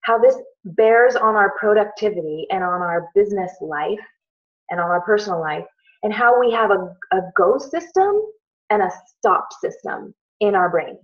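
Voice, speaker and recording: A woman's voice: medium pitch, lively intonation, moderate pace. Chatty middle-aged woman on a muffled call. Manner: chatty storytelling with many fillers and restarts. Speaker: team leader on a call. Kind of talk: casual talk to a team.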